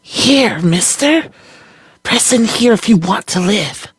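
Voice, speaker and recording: A reader putting on a sharp, urgent young girl. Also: mid-range voice, lively intonation, takes it slowly, slightly rough, no room sound, pitched above the performer's own voice, full character voice. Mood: urgent whisper-call. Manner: urgent, insistent calls. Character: sharp-voiced young girl hiding in the wall.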